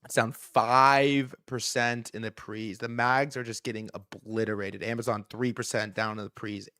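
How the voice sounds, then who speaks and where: A man hosting a live market stream, ranting fast and heatedly with frequent swearing. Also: fairly low pitch, dry recording, studio quality. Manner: fast, excitable delivery. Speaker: livestream host.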